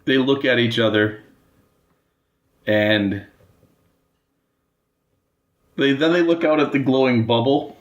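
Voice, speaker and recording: A man narrating a tabletop role-playing game as game master, telling the story at a measured pace. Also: medium pitch, muffled recording.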